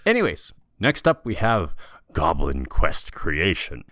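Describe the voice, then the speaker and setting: A man's voice: sits low, wildly swooping pitch, slow, bright, forceful tone, dry recording, clean studio sound. A man co-hosting a casual podcast, explaining game rules with a joking, self-deprecating manner.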